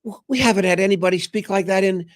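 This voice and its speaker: A man's voice: high-pitched, fast talker, voice pushed up, natural voice. A man putting on the voice of an elderly woman who has served for decades, gushing in a breathless, stammering way. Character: elderly woman, long-serving, sweet and fluttery.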